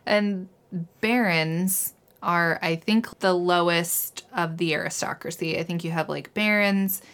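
Woman co-host with a slightly low voice, relaxed book chat, agreeable and loose. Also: measured pace. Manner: easygoing, agreeable, filler-heavy. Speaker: podcast co-host.

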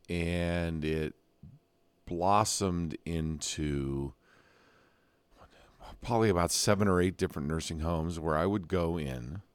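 A man's voice: low-pitched, clean tone, dry recording. A man co-hosting a casual podcast chat, easygoing, with short agreeing replies between his own stories.

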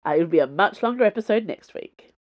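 A woman author reading her fiction aloud as a podcast host, in measured storytelling. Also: mid-range voice, animated, highs cut off. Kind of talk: audiobook narration.

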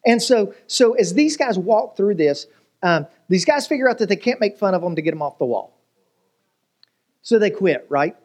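A man's voice: high voice, big pitch swings, normal speed, a little mellow. A man preaching a sermon as pastor, telling jokes and stories and asking the congregation rhetorical questions.

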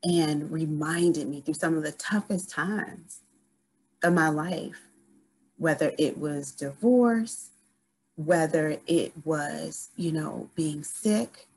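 A woman guest on a podcast telling a story in casual conversation, animated and full of restarts. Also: low voice, slow pace, a little hiss or hum, rough recording.

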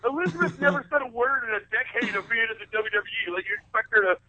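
A man's voice: very high voice, lively intonation, fast talker, a loud crowd. A man calling in as a guest on a casual podcast, ranting with heavy profanity about things he hates. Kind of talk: casual wrestling podcast chat. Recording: muffled phone-line sound.

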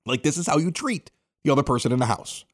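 A man hosting a podcast, telling stories in an excitable, animated way and acting out both sides of conversations. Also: mid-range voice, quick pace. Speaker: podcast host. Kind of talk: casual storytelling chat.

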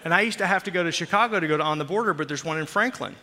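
A man in his forties from Oklahoma, a pastor preaching a sermon with jokey, animated storytelling. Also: a little high, very fast. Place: church sanctuary. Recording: long hall reverb.

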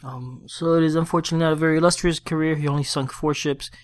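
A man's voice: a little high, fairly even intonation. A man hosting a solo gaming podcast, chatting casually and then reading a war story aloud in his own plain voice. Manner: conversational, quick restarts, reads report plainly without accents. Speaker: podcast host. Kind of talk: casual podcast talk and read-aloud session report.

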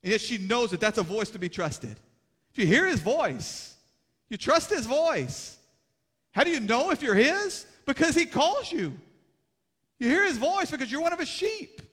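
A man's voice: extremely high pitch, very animated, normal speed, breathy edge. Impassioned male preacher in a reverberant hall. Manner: impassioned, rising to urgent exhortation, then hushed and grave. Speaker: pastor. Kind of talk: sermon. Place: church sanctuary.

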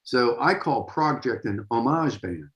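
A man in his sixties from Massachusetts, a drummer telling stories as an interview guest in an animated, lively way. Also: medium pitch, measured pace, roomy sound, poor audio. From Massachusetts, USA. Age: 60s. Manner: animated storyteller, vocalizes drum beats. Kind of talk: casual interview storytelling.

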